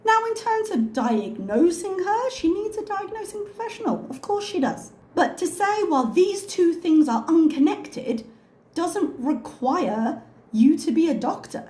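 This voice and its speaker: A woman hosting a reaction video, talking calmly with pointed, sarcastic remarks. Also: very high voice, unhurried, reverberant. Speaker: reaction channel host. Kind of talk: soft-spoken reaction commentary.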